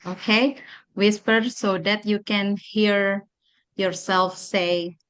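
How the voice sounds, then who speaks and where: A woman with an Indonesian accent presenting a teacher-training workshop, guiding a mindfulness exercise with slow, repetitive instructions and many pauses. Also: mid-range voice, steady tone, a bit bright, clear, resonant tone. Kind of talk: guided mindfulness workshop talk.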